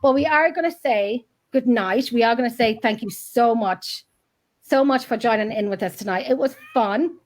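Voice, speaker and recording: On a podcast, a woman who investigates the paranormal rambles chattily, frequently interrupting herself mid-sentence. She speaks at a moderate pace in a voice on the high side.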